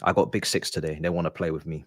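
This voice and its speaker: A man's voice: extremely low pitch, flat delivery, quick pace, no room sound, studio quality. A man hosting a live football watch-along, ranting in frustration and dropping into muttered asides. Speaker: live stream host.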